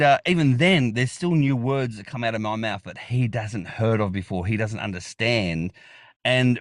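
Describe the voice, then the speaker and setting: A man's voice: medium pitch, dry recording, clean studio sound. A man with an Australian accent, a guest chatting casually in an interview, rambling, repeating words and laughing often. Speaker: podcast guest.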